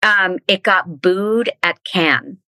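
Bright-voiced chatty woman host. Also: fairly low pitch, no room sound. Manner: chatty, self-mocking, quick asides. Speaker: podcast host. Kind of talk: casual chat.

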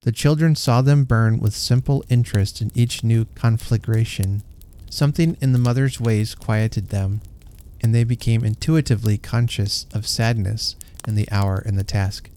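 Narrator for a classic story read aloud: man, mellow warm tone, unhurried and gentle. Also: lowish voice, fairly even intonation, slight background noise.

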